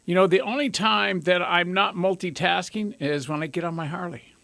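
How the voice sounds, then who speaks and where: High energy radio host guy, gravelly bright voice, dry studio mic, jokey. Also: normal speed, dry recording. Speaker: radio talk show host. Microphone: studio microphone.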